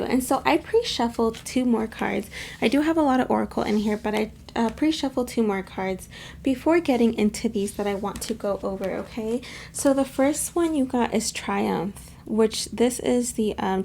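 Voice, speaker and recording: A woman runs a relaxed pick-a-card tarot reading, talking straight to her viewers in a chatty, affectionate way. Her voice sits a little high and carries a gravelly rasp, with a faint hiss of noise behind it. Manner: chatty and affectionate, keeps addressing viewers as "my loves". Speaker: tarot reader.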